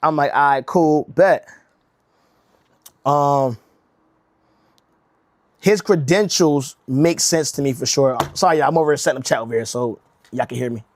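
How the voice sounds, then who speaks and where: Speaking at a moderate pace in a mid-range voice, this Connecticut rug-making livestreamer pauses often while telling a meandering story full of slang. He frequently says "bro" and keeps starting his sentences over.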